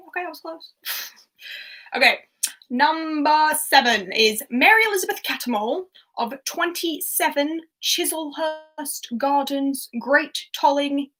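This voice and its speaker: A woman hosts a livestream quiz in a chatty, giggly way, reacting to answers as they come in. Her voice sits high and sounds bright and clear through a desktop mic. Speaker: quiz host. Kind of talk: casual livestream chat.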